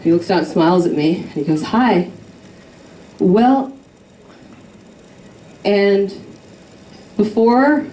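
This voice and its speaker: Young woman stand-up; low-ish voice, unhurried deadpan, self-mocking delivery; far, roomy live club audio with crowd and noise. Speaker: stand-up comedian. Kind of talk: stand-up comedy. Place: comedy club stage. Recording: distant echoey club recording with crowd laughter.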